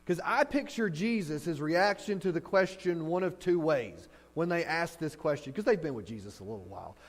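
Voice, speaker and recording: A man delivers a sermon in a high voice that carries through a large, reverberant hall. He tells stories with animation and acts out reactions, and a faint mains hum sits under the recording. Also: normal speed. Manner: animated storytelling, acting out reactions. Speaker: pastor. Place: church hall.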